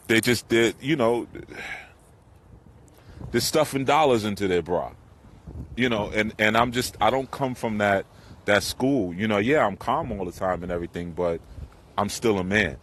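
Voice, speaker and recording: A man's voice: lowish voice, a bit bright, rough recording. A middle-aged man talking loosely outdoors by the water in a rambling way, with profanity, as a spiritual teacher. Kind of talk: casual outdoor monologue. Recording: windy outdoor noise.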